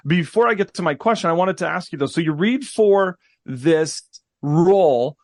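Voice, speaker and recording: Man, podcast co-host, playful, animated, lively pitch, dry close sound. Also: moderate pace, hardly any pauses, no echo. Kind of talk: casual interview questions.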